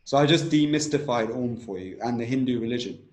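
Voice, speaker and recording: Male breathwork teacher, mid-pitched voice, instructional talk, echoey room. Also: lively intonation, quick pace, a little mellow. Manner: explanatory, demonstrates chanted tones. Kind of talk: instructional conversation. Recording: roomy echo.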